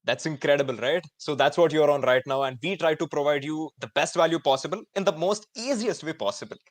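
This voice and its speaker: A man in his twenties with an Indian English accent, hosting a live online student event in an energetic, chatty way with many fillers. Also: on the high side, brisk, no echo. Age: 20s. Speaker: host.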